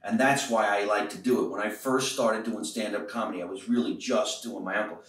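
A man's voice: on the low side, fairly even intonation, a little fast, a bit bright. A man from the US East Coast hosting a casual comedy podcast in a basement, joking and easygoing. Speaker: podcast host. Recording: roomy, distant mic.

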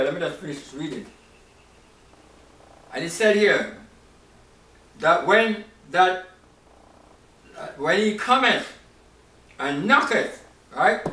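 A man's voice: high voice, bright, forceful tone, far from the mic. A man teaching from the Bible in a loose, conversational way, often asking "right?" and "you know". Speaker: preacher. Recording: echoey room, voice off-mic.

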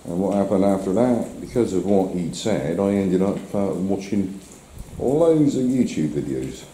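Deep, mellow and animated, a middle-aged man's unhurried voice carries his casual dog-walking vlog along a rainy seafront. He chats to the camera and his dog, often mocking himself with a laugh. The handheld-camera audio is low quality, with faint outdoor noise in the background.

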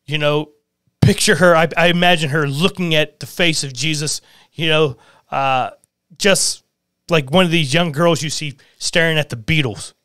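A man hosting a podcast, preaching earnestly on scripture, reading verses aloud and retelling them in everyday words, at times dropping to a hush. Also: fairly high pitch, moderate pace, clear, resonant tone, no room sound, studio quality. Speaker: podcast host.

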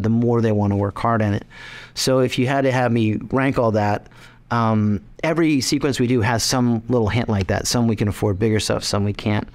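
A man, a film director, talking casually in an interview, rambling with restarts and quick laughs. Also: mid-range voice, darkish tone.

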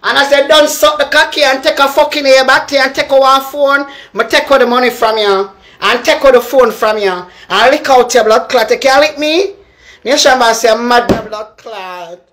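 A young woman with a strong Jamaican accent rants on camera, hammering the same points and calling someone out by name. Her voice sits on the higher side, and she talks in a heated, repetitive, confrontational way. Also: steady tone, fairly quick, a bit bright. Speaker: social media personality. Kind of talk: ranting live video.

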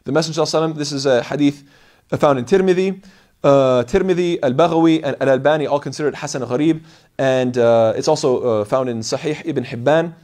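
A Quran teacher with a slightly high voice talks fast through an explanatory religious lecture, lively and dramatizing the voices he cites.

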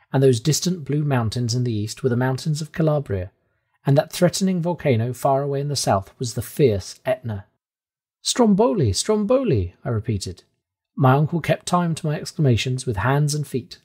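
A male audiobook narrator reading a classic adventure story in the first person. He gives the text lively, dramatic expression, and his pitch moves a great deal. His voice has a husky edge.

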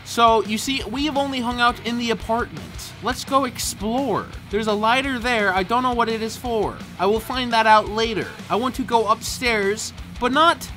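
A man's voice: very high-pitched, normal speed, hardly any pauses, pushed and bright, soft background music. A man giving jokey, casual commentary while playing a video game and reading its text aloud. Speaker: gaming YouTuber.

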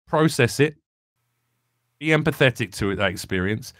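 A man's voice: mid-range voice, expressive, normal speed, fairly bright tone, no room sound, clean studio sound. A young man, a comedian guest talking earnestly and reflectively in a candid podcast conversation. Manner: earnest, reflective, rambling with restarts.

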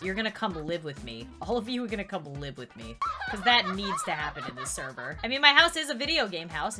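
Excitable girl youtuber playing a game, high bouncy voice, keeps laughing and squeaking. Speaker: gaming YouTuber. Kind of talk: let's play commentary.

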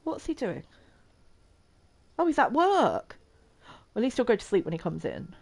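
A woman's voice: mid-range voice, wildly swooping pitch, unhurried, creaky, a little mellow. A young woman chatting and giggling her way through a life-sim game as a streamer. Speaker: gaming streamer. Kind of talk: casual gameplay commentary.

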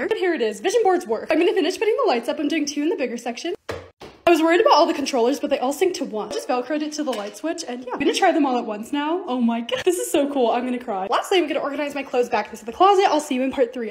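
Young woman, high bright voice, fast bubbly vlog talk, faint noise behind. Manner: excitable, gushing, quick asides. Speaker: vlogger. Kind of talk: casual vlog narration.

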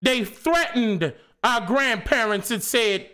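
Impassioned male live-stream host with a bright, sharp voice and a very lively pitch; preachy and slangy. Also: unhurried. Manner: passionate, fired up, preachy, rhetorical questions; casual slangy speech. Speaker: channel host.

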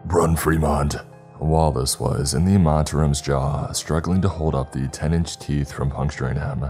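A grizzled, steadfast demon hunter, as a deep-voiced male narrator puts him on speaks in a hushed, firm, urgent voice. The tone is extremely low and dark, with faint music behind in this horror story reading. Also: steady tone, unhurried.

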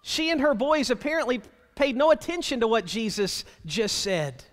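A man's voice: very high voice, very animated, normal speed, a bit bright, long reverb tail. A man preaching a sermon as pastor, plainspoken and wry, speaking to the congregation in a conversational way and asking them rhetorical questions. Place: church sanctuary.

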